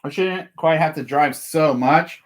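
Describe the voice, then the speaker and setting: This process server speaks a little high and a little slow as he swaps work anecdotes. He's easygoing and wanders through his stories, dropping "like" constantly.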